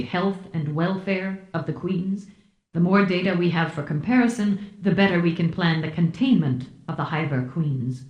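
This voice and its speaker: A man's voice: sits high, a little mellow. A woman doing a dutiful male starship officer reporting to a superior in an audiobook. The delivery is formal and deferential, with a roomy echo around it.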